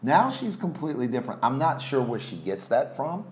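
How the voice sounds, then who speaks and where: A man's voice: medium pitch, big pitch swings, fairly quick, darkish tone, slight background noise. A middle-aged man, a relationship coach, co-hosting a casual couple's talk show with a playful, teasing manner. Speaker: relationship coach and podcast co-host.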